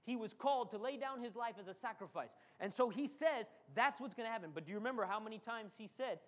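A man's voice: extremely high pitch, animated, quick pace, few pauses. A man preaching a sermon as pastor, acting out quotes and calling for amens from the congregation. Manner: preaching with dramatic acted quotes and call-and-response.

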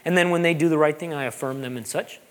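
A man, a pastor preaching a sermon, animated and joking, repeating phrases for emphasis. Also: a little high, fast.

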